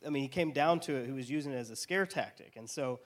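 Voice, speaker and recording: Man chatting hesitantly, mid-pitched. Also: quick pace. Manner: hesitant, restarts often. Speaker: co-host of a Bible study podcast. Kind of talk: casual discussion.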